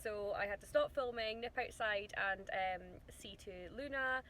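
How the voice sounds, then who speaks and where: Woman vlogging, chatty, laughs a lot, coos at the dog, slightly high voice. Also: normal speed, a bit bright, slight background noise. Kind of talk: casual vlog talk.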